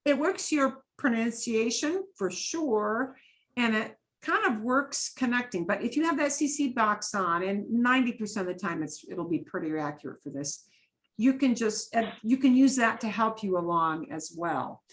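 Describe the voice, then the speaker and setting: A woman's voice: a little high, animated, moderate pace, rough recording. A middle-aged woman teaching a Spanish class, talking casually and checking in with her students in Spanish. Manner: chatty, sprinkles Spanish checks like vale and bien.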